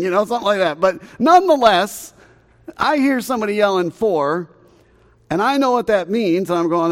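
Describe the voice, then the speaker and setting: Animated Southern pastor telling a story. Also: male voice, high voice, normal speed, big-room sound. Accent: Southern American. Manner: animated, acts out shouts and sounds, chuckles at his own jokes. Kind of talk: storytelling sermon. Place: church sanctuary.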